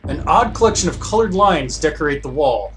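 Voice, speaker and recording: Lively, fairly high-voiced man commenting on a game. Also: brisk, slight background noise. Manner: wry, joking asides between read-outs. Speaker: video game let's play host. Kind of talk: casual gameplay commentary, reading in-game text aloud. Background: game music.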